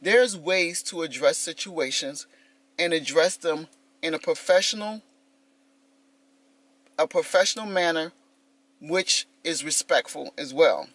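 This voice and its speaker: A woman's voice: low voice, unhurried, long pauses, no room sound. A woman in her fifties talking casually to her vlog viewers, telling a story with lots of animation and calling them y'all. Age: 50s. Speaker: vlogger.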